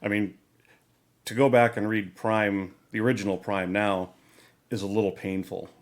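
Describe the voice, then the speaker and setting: Male podcast host, lowish voice, casual and rambling. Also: level tone, normal speed. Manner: rambling, many restarts and fillers. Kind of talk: casual hobby chat.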